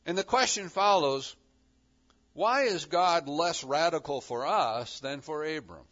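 A man preaching a sermon, acting out the voices of God and his listeners with lively emphasis. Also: fairly high pitch, unhurried, lo-fi sound.

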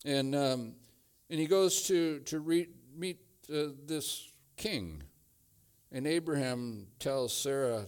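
A man preaching a sermon, slow and emphatic, building to repeated phrases. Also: mid-range voice, clean tone. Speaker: pastor.

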